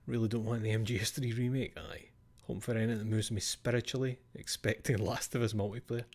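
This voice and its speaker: A man's voice: fairly low pitch, steady tone, fast. A man casually chatting on a live stream into a desk microphone, reading out viewer names.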